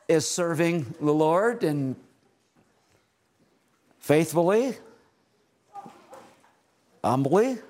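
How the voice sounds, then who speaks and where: At a family retreat, a middle-aged man preaches a sermon, rising to loud exhortation and then dropping to hushed, low phrases.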